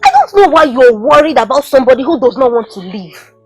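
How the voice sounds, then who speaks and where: A woman's voice: high-pitched, animated, fast talker, husky, soft background music, low-quality recording. A woman with a Nigerian accent playing a bitter, scornful villager. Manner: bitter, scolding. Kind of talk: film acting.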